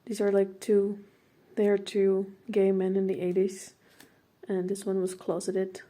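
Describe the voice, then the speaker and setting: A young Dutch woman, a native Dutch speaker, talks casually through a studio vlog about her painting. Her voice is mellow and soft-edged, and she fills her talk with "like" and small laughs. She sounds slightly out of breath. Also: medium pitch, monotone, unhurried. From Netherlands. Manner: chatty, filler-heavy, laughs often. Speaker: portrait painter.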